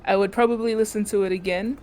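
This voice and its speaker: A woman's voice: mid-range voice, steady tone, quick pace, a little mellow, slight background noise. A woman playing in a tabletop game session, chatting casually, giggling and restarting her sentences often. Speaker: player.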